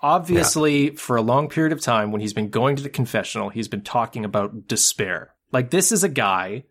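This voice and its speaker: A man's voice: mid-range voice, brisk. A married man co-hosting a podcast, discussing a film in casual chat, swearing freely and acting out scenes. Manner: animated, swearing, acts out film scenes in quotes. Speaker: podcast co-host.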